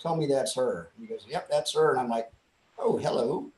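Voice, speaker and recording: A man's voice: mid-range voice, fairly quick, reverberant, poor audio. A man guest telling a long funny anecdote in casual chat, acting out the dialogue as he goes. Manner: lively anecdotal, acts out dialogue. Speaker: interview guest. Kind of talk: casual storytelling.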